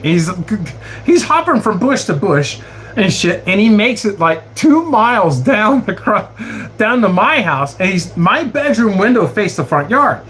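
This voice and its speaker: A man spins a long, profane anecdote in a loose, laughing way. His voice sits fairly high for a man. A faint bed of noise runs under the recording. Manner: profane, laughing, animated storyteller. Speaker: streamer reading chat stories. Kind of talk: casual livestream storytelling.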